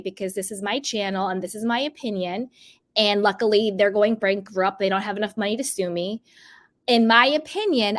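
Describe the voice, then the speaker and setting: Blunt, scolding woman vlogger with a high voice. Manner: blunt, emphatic, scolding, speaks straight to the people she critiques. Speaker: commentary channel host. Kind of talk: reality TV commentary vlog.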